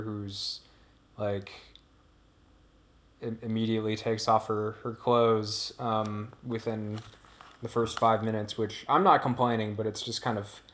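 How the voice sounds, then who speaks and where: A man's voice: lowish voice, a bit bright. A man giving casual, rambling commentary over his own gameplay, drifting off topic and trailing off mid-thought.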